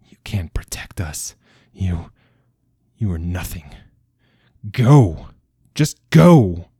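A grief-stricken father lashes out, his voice raw and cracking, as a male narrator puts him on. The tone stays dark and low, close and dry. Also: lively intonation, unhurried, slightly rough, dry recording, full character voice. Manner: raised, raw and breaking. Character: grieving angry townsman, a father.

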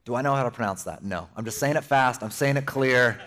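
A young man preaching a sermon as pastor, conversational and animated, slipping in playful asides. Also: medium pitch, a little fast.

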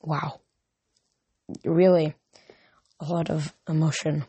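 Woman, earnest read-aloud of a novel, lowish voice, occasional slips. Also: flat delivery, takes it slowly, dark tone, husky. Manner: earnest, stumbles and corrects words. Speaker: reader.

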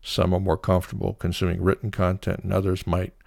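A man with a very low, gravelly voice talks through his views on a solo podcast. He explains in a measured, opinionated way, dropping in an occasional "uh". The sound is dry and close. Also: completely flat delivery, a little mellow, dry recording. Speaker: podcast host.

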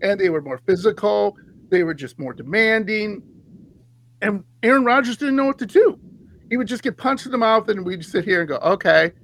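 A man hosting a sports podcast, ranting in an animated, heated way and laughing often. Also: sits high, normal speed, rough recording. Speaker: podcast host.

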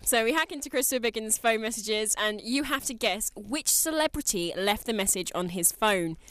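A woman's voice: fairly high pitch, lively intonation, normal speed, fairly bright tone, no echo. A woman co-hosting a radio show in chatty, giggly banter. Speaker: radio co-host.

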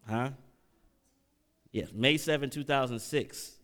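A middle-aged pastor with a clear, resonant, medium-pitched voice preaches slowly and with animation. He tells an emotional personal story and calls out questions to the congregation during his sermon.

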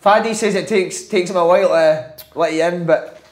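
A man's voice: high-pitched, moderate pace, echoey room. A man hosting a casual interview, prompting his guest with short questions and reactions. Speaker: interviewer host.

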